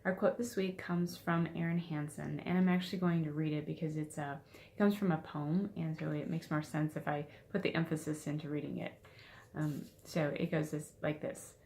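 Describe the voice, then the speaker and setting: A woman's voice: low-pitched, steady tone, moderate pace, vocal fry, darkish tone, slight background noise. A woman success coach giving a casual weekly motivational talk, chatty with fillers and restarts.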